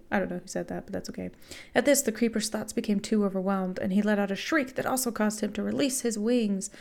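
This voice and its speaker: Host reading fan fiction, woman, wry sarcastic asides, gravelly voice. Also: mid-range voice, quick pace, darkish tone. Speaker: podcast host.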